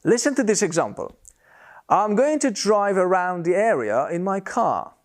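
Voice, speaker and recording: A man teaches British English pronunciation in a scripted lesson to camera, speaking carefully and repeating example words to show the sounds. His voice is high-pitched and very animated, at a moderate pace.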